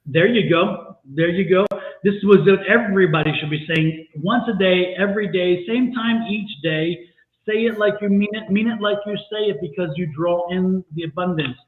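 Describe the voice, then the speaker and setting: Man, high voice, tarot reader on a live stream, emphatic and repetitive, echoey tinny phone-like sound. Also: moderate pace. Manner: emphatic, repeats phrases for stress.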